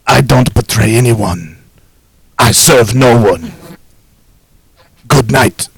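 Dude doing a pompous fake king voice, all grand and formal, kinda gravelly. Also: medium pitch, animated, takes it slowly, full character voice, poor audio. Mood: boastful. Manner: grandiose, formal mock-royal speech. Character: pompous self-crowned king, boastful, mock-regal. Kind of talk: improvised comedy bit.

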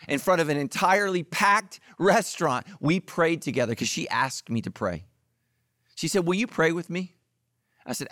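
A middle-aged man preaching a sermon, lively and joking, talking straight to his listeners. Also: sits high, dry recording, studio quality. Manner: energetic, jokey preaching with audience asides. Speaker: pastor.

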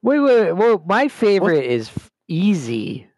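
A male podcast guest in casual chat, given to excitable, laughing exclamations. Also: high-pitched, unhurried, no echo, studio quality.

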